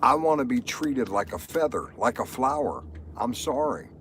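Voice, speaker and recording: A man's voice: medium pitch, very animated, normal speed, a bit bright, a little hiss or hum. A middle-aged man talking on a live stream, rambling and repeating himself with strong emotion. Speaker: livestreamer. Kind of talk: live stream monologue, reading chat.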